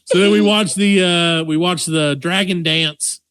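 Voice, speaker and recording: Animated, profane man telling stories on a podcast. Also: high voice, unhurried, clear, resonant tone, no room sound, studio quality. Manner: profane, animated, acts out quotes. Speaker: podcast co-host. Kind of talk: casual comedic storytelling.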